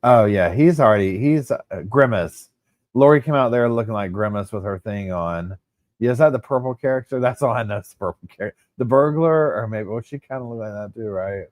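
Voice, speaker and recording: A man's voice: mid-range voice, brisk, dry recording, clean studio sound. Chatty man on a livestream. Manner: chatty, animated, talks to viewers as y'all. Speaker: livestream host. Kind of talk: casual live chat with viewers.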